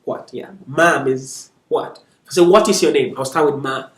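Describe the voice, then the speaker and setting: Speaking at a normal pace in a mid-range, fairly bright voice, a man guides learners through beginner Arabic. He's patient, checks on them frequently and lets out light chuckles between points; the audio comes from an echoey room, distant from the microphone.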